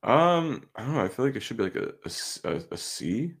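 A man's voice: medium pitch, very animated, fairly quick, gravelly, slightly rough. A man co-hosting a casual podcast, reacting loosely with swearing and hesitant fillers. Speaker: podcast co-host.

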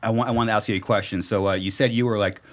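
A man's voice: on the low side, steady tone, racing, a little hiss or hum. A man hosting a casual podcast interview, often stammering and repeating words as he asks questions. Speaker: podcast host.

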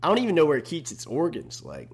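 A man's voice: fairly high pitch, huge pitch swings, fast talker, breathy edge. A young man hosting a casual solo podcast, talking in a laid-back, slangy way. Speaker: podcast host.

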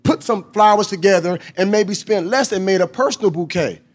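A man in his thirties telling a personal faith story on a live panel, slangy and animated, acting out the people he quotes. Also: high voice, brisk. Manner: animated, slangy, acts out voices in his stories. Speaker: guest on a live podcast panel. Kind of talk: testimony-style storytelling with quoted dialogue.

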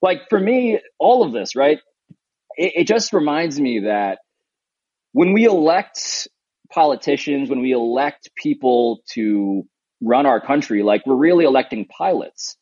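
Tired new dad guy from new york, husky, rambles a lot, dull dry lo-fi sound. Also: medium pitch, animated, unhurried, a little mellow, no echo. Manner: rambling, earnest, many fillers. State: sleep-deprived new father. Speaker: podcast co-host. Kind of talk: casual remote chat. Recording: dull lo-fi remote line.

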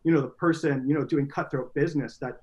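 An earnest young man speaks as a guest on a faith podcast, circling his points with restarts and "you know"s. His voice sits a touch higher than most men's. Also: steady tone, rapid-fire, darkish tone, muffled recording. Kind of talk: reflective conversational interview.

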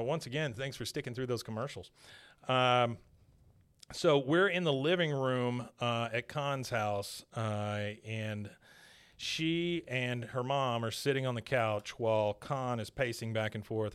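A man's voice: medium pitch, a bit bright, clear, resonant tone. A young man hosting a podcast, recapping an episode in a chatty way and laughing often. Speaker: podcast host. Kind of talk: casual episode recap and ad read.

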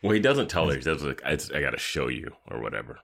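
A man's voice: a bass voice, sing-song, fast, creaky, fairly bright tone. A man co-hosting a podcast in casual chat, laughing often as he talks. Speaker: podcast co-host.

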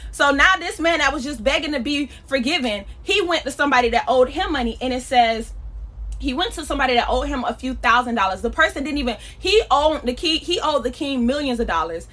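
A woman preaching a casual podcast sermon in a high, bright voice. She is emphatic and conversational, with slangy turns of phrase. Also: lively intonation, fairly quick.

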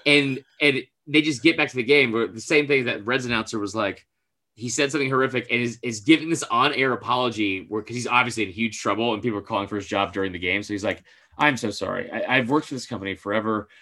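Bright-voiced rambling male podcast host. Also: medium pitch, fast. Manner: rambling storyteller, lots of filler "like", swears casually. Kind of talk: casual podcast chat.

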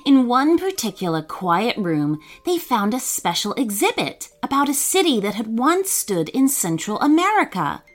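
A woman narrating a children's story in a gentle, expressive way, voicing the children as she goes. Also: a little high, moderate pace, few pauses, soft background music.

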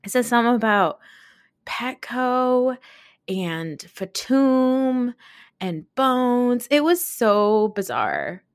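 A woman podcast host recapping a reality show in a casual, chatty way, with lots of fillers and quick asides. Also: fairly high pitch, expressive, dry recording, clean studio sound.

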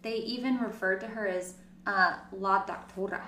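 A woman co-hosting a casual true-crime podcast, telling the story in an animated way with sarcastic asides. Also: mid-range voice, moderate pace, slight background noise. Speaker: podcast co-host. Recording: roomy, distant mic.

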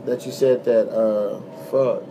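A young man hosting a podcast who tells a story in a relaxed, casual way, swearing often and acting out the voices of the people in it. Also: fairly low pitch, takes it slowly, a little hiss or hum. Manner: laid-back, swears often, acts out quoted voices. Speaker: podcast host.

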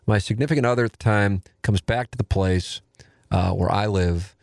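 A man in his forties spins a rambling comic story about himself, swearing freely and mocking his own shortcomings. His voice sits fairly low and sounds dry and close, with no room around it. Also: moderate pace, gravelly, no room sound. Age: 40s. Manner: self-deprecating, profane, rambling with restarts.

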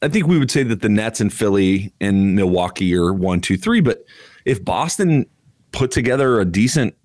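Lively low-voiced sports talker. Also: male voice, normal speed, no echo. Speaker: podcast co-host. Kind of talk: casual sports chat.

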